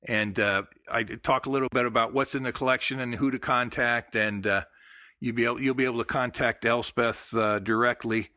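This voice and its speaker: A man's voice: medium pitch, steady tone, bright, forceful tone, no echo, clean studio sound. A middle-aged American man hosting a radio show, talking casually with frequent fillers and restarts. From United States. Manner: halting, with many fillers and restarts. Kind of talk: casual phone interview and show sign-off.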